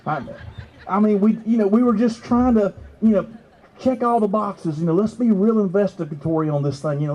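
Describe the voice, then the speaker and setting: Guy hyped up telling a bigfoot-style story to a crowd, voice jumps all over, kinda muffled recording. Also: breathy edge. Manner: excitable, laughing, leaps to high exclamations. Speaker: festival speaker. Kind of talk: animated storytelling to a live audience. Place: outdoor festival.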